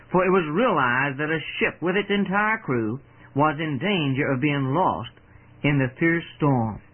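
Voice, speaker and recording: A man with a somewhat high voice, preaching an earnest storytelling sermon that turns to pleading with his listeners. The sound is thin and phone-like, like an old radio broadcast.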